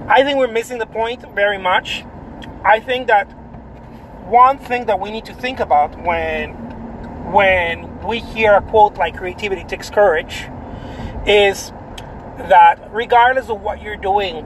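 A man's voice: high voice, steady tone, a little slow, slight background noise, low-quality recording. A man, an artist, chatting casually about art, rambling, repeating himself and tagging lines with "right?". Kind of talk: casual vlog talk.

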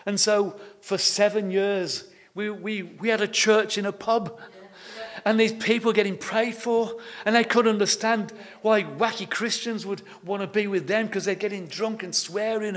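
A high-voiced man preaching a sermon in an easy storytelling manner. He often repeats his words as he goes. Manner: homely, anecdotal, repeats words. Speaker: pastor.

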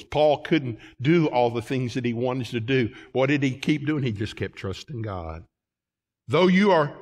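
A man preaching from the pulpit, climbing into fervent emphasis and then dropping back to folksy asides. His voice sits at an ordinary middle pitch. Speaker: pastor. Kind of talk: sermon. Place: church sanctuary.

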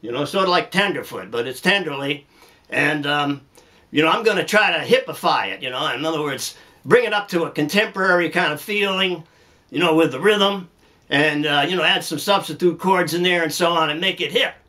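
A man's voice: on the high side, brisk, bright, forceful tone. A man hosting a music lesson, telling folksy jokes in a chuckling, rambling way, full of "you know"s and laughing at his own punchlines. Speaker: music teacher and host.

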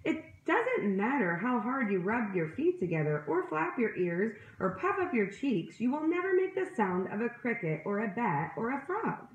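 A woman voicing a wise, kindly old owl in a read-aloud picture book, giving gentle advice. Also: a little high, sing-song, moderate pace, few pauses, highs cut off. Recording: roomy echo.

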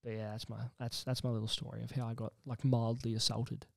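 A man's voice: mid-range voice, quick pace, gravelly, dry recording, studio quality. Young man telling a story. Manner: animated storyteller, swears freely. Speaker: podcast co-host. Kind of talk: casual chat.

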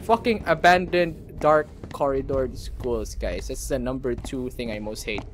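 A man's voice: medium pitch, measured pace, slight background noise. A young man commentating a horror game let's play, swearing freely and screaming at jump scares. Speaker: gaming channel host.

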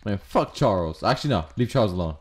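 A man giving casual, profane gameplay commentary as a streamer, excitable and prone to yelling. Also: on the low side, fast talker. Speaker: gaming streamer. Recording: noisy game audio behind.

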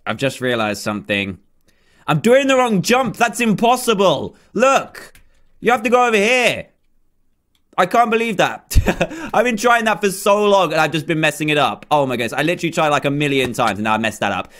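A man's voice: fairly high pitch, very animated, brisk, a bit bright. A young man commentating his own game play, chatty, self-mocking and easily flustered. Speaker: gaming YouTuber.

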